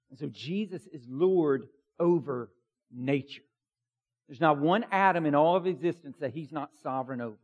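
Guy preaching a sermon, pretty high voice, emphatic, chatty with lots of likes and you-knows. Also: normal speed, highs cut off. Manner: emphatic and conversational, with many fillers. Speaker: pastor.

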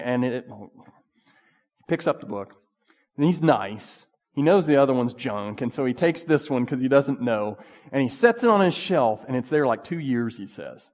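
A man preaching a sermon in a relaxed, conversational way, full of asides. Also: on the high side, big-room sound. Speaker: pastor.

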